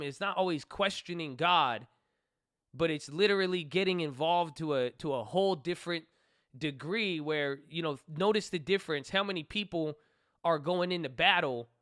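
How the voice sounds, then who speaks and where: A man with a fairly high, bright, tense voice talks through a scripture story in a loose, candid way. He rambles, restarts sentences and corrects himself as he goes. The sound is close and dry, with no room around it. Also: dry recording. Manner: stumbles over names while reading aloud. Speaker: channel host. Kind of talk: casual reflection on a scripture reading.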